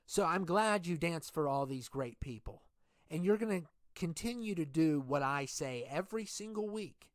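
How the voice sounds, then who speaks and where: A man voicing a scheming male dictator boss of a wrestling show, making slow, deliberate threats. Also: on the high side, dry recording, clean studio sound. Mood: mocking. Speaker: wrestling show authority figure.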